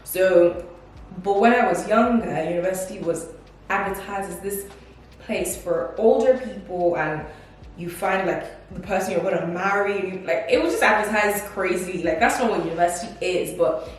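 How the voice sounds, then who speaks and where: A woman's voice: medium pitch, normal speed. A woman in her twenties chatting in a casual, reflective vlog, full of fillers and acted-out quotes. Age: 20s. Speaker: vlogger. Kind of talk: casual life-update vlog. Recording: distant mic in a very echoey room with faint noise.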